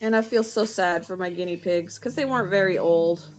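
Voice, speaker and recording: A middle-aged woman chatting casually with viewers while she works on a craft, softly rambling and talking to herself. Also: lowish voice, a little fast, muffled recording. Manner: soft, rambling, talks to herself while working. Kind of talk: casual live-stream chat.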